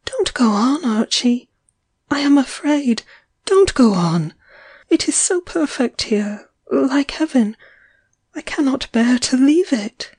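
Young heroine, dreamy and easily frightened, breathy whispering pleas, as a woman narrator puts her on; slow and soft. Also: high voice, lively intonation, pitched above the performer's own voice. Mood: pleading. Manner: breathy, half-whispered, pleading.

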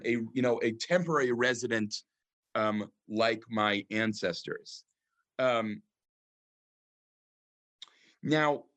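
A man, a rabbi, teaching a class on scripture, reading verses aloud and translating them, with frequent pauses and ums. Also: medium pitch, a bit bright. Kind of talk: lecture on scripture.

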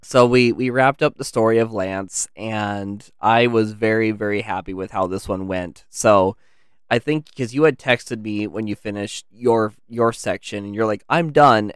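Male podcast co-host, storyteller, relaxed and rambly, smooth tone. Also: on the low side, dry recording, clean studio sound. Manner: easygoing, rambling with restarts. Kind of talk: storybook narration and casual chat.

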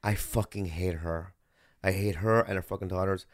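Male podcast host, lowish voice, crude and excitable, dry studio sound. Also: moderate pace, no room sound. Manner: crude, excitable, rambling with lots of swearing. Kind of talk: casual chat.

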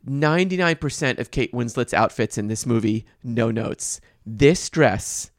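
Low-voiced sarcastic woman co-host. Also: lively intonation, a little slow, no echo, studio quality. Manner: sarcastic, laughs often, swears. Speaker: podcast co-host. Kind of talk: casual movie recap chat.

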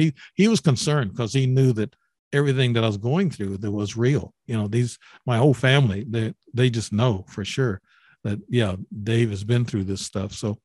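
A man in his seventies from Illinois, a guest on an interview, telling his own story in a halting way with many repeated words and restarts. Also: mid-range voice, a little mellow, dry recording, studio quality. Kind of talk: interview, personal account.

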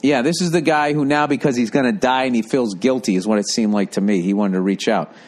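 A man's voice: mid-range voice, fast talker, darkish tone. A man in his fifties, a comedian, hosting a casual podcast monologue in a rambling, profane, blunt way. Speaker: podcast host and stand-up comedian. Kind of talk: casual podcast monologue, reading listener mail.

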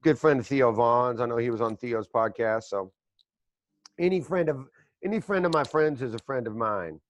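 A man's voice: medium pitch, normal speed. A man hosting a podcast, rambling through profane stories in casual chat on a close mic. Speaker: podcast host.

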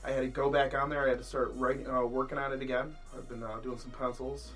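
A man hosting a casual podcast chat, swearing freely and laughing as he tells animated stories. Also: medium pitch, fast, soft background music. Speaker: podcast host.

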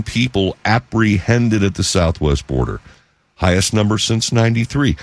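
A man hosting a talk radio show, delivering an emphatic news monologue and slowing down to stress figures. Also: on the low side, sing-song.

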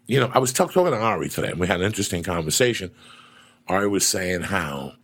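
A middle-aged man hosting a casual chat, a profane and animated storyteller with a gravelly, husky voice. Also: sits low, fast talker.

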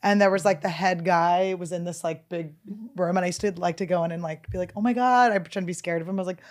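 A woman with a raspy voice, co-hosting a podcast and telling stories in casual chat. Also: lowish voice, quick pace. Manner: animated, jokey storytelling. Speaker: podcast co-host and comedian.

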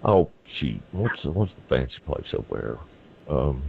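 A man with a Southern accent explains legal questions in plain, folksy terms as a call-in radio guest. His voice sits very low. It comes through a thin, tinny phone line. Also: very animated, moderate pace, vocal fry, a little hiss or hum. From Tennessee. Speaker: constitutional lawyer, call-in guest.

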